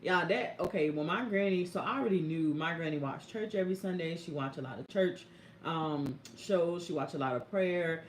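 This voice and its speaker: A young woman caregiver telling stories on a live stream, speaking AAVE and talking to viewers in a lively, chatty way. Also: on the low side, moderate pace, a little hiss or hum. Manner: animated, chatty, addresses viewers as y'all and baby. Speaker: caregiver vlogger. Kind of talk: casual live-stream storytelling. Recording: echoey room.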